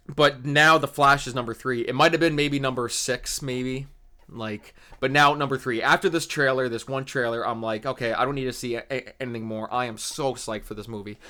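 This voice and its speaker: Excitable swearing young man on a podcast. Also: medium pitch. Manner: excitable, swears a lot, keeps exclaiming. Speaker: podcast co-host. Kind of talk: casual podcast rant.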